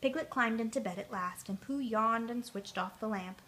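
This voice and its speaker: Woman, storyteller, children's storybook read aloud, expressive, higher pitch. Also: a little fast, hardly any pauses.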